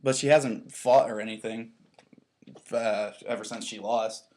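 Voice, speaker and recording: A man's voice: on the low side, fairly even intonation, measured pace, darkish tone. A man co-hosting a casual podcast, easygoing and casually profane. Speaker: podcast co-host.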